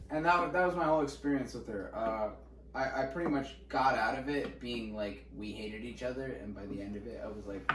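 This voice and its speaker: A young man co-hosting a podcast, telling school stories in casual chat, animated and profane, laughing as he goes. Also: mid-range voice, fairly quick. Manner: animated, swearing, laughing while recounting. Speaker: podcast co-host. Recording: echoey room, mic at a distance, faint noise.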